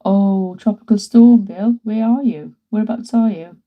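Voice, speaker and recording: A woman's voice: mid-range voice, unhurried, muffled recording. A woman in her thirties, an artist chatting casually on a live stream, laughing often and greeting viewers as she works in her studio. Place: home art studio.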